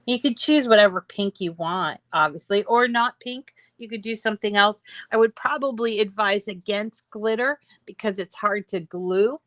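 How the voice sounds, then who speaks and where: A woman's voice: medium pitch, normal speed, hardly any pauses, fairly bright tone, no echo. A woman hosting a craft tutorial, chatting as she explains each step on screen with lots of fillers.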